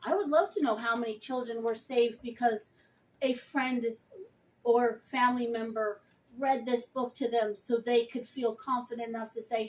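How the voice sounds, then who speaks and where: A woman's voice: fairly high pitch, unhurried, pauses often, recorded from a distance, low-quality recording. A woman vlogger speaking passionately and emphatically, addressing her viewers directly. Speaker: vlogger reviewing a book. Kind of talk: earnest direct-to-camera talk.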